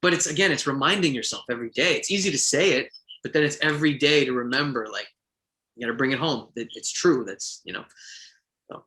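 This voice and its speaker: A man's voice: mid-range voice, quick pace, sharp tone. A man from Quebec, a voice actor, talking casually in an interview with earnest, encouraging advice and frequent restarts. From Quebec, Canada. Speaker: voice actor guest.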